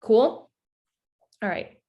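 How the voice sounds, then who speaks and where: A woman leading a live online coaching workshop, talking in a chatty, animated way with lots of filler words. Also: extremely slow, lo-fi sound. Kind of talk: casual coaching talk to an online group.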